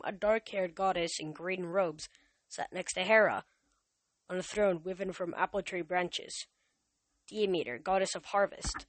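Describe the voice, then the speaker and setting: Woman reading a storybook aloud. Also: no room sound. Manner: reads dialogue louder and higher than narration. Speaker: reader. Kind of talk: amateur audiobook reading.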